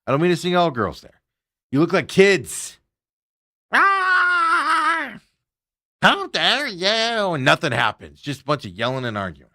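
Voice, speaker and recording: Ranting sports radio host, bright voice. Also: male voice, mid-range voice, big pitch swings, quick pace, no room sound, clean studio sound. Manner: ranting, mocking, mimics players in shouted voices. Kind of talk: opinionated sports talk.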